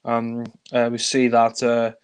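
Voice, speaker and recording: A man chats through a film review in a loose, rambling way. He leans on fillers and laughs under his breath as he goes. His voice sits at an ordinary middle pitch. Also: completely flat delivery, takes it slowly, a little hiss or hum. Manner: rambling, full of fillers and chuckles. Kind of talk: casual film review chat.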